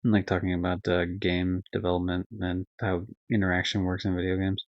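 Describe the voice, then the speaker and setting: A man's voice: sits low, monotone, brisk, no echo. A young man streaming live, rambling casually through game ratings with lots of fillers, swearing and self-corrections. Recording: dull lo-fi dry stream audio.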